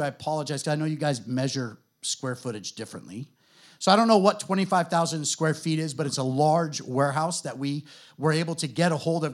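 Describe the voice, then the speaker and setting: A middle-aged man with an American accent, a guest pastor telling his story to a church in a relaxed, conversational way, full of fillers. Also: a little high. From United States. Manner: conversational, self-deprecating, many fillers.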